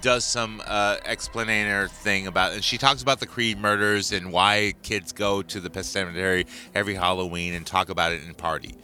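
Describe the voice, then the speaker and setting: A man's voice: low-pitched, normal speed, hardly any pauses. A young man co-hosting a casual movie podcast, chiming in with trivia about the script. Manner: lively, trivia-minded, chimes in a lot. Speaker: podcast co-host. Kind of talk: casual movie recap chat.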